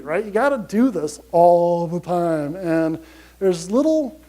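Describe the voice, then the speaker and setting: A man giving a motivational conference talk to an audience, energetic and chatty, often asking "right?". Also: high-pitched, slow, poor audio. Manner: energetic, chatty, repeats "you gotta" and "right?". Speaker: conference speaker.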